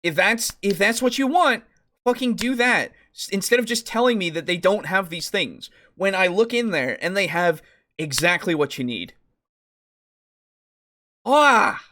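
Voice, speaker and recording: A podcast co-host in a casual tabletop-gaming talk show, worked up and exasperated, swearing often. The voice leaps up and down in pitch as the frustration spills out. Comments and quotes get read aloud between the outbursts. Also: lively intonation, unhurried, pushed and bright.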